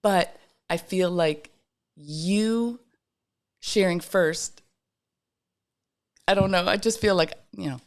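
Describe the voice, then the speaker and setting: This is a woman co-hosting a casual podcast from her bedroom. She speaks a little low for a woman, and she keeps stopping and restarting her thoughts. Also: takes it slowly, pauses often. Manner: hesitant, self-interrupting. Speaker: pastor and podcast co-host. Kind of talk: casual live-stream chat. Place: home bedroom.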